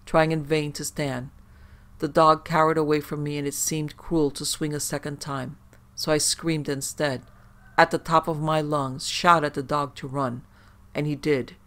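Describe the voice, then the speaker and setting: Gravelly man narrating a horror story. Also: a little high.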